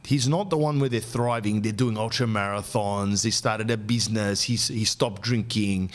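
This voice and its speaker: A man in his forties hosting a podcast, telling comic stories in an animated, slangy rant. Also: lowish voice, moderate pace. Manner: ranting, animated anecdotes with slang. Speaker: podcast host. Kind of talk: comic storytelling.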